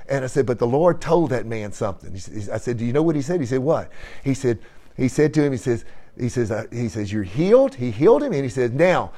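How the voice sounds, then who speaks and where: A man leading a church gathering, telling an animated testimony with laughter and frequent praise. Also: medium pitch, fairly quick. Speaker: church fellowship leader.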